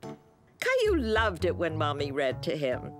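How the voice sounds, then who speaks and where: Woman narrator, gentle, storybook style, lively pitch, music behind. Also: a little slow.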